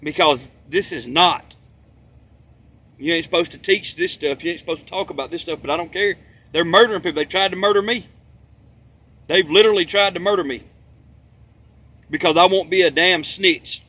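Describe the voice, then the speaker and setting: A man with a high, bright, sharp-edged voice rambles through a monologue. He hammers his points home with profanity and repetition, returning again and again to the same phrases. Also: normal speed, pauses often. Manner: emphatic, profane, repeats himself for stress.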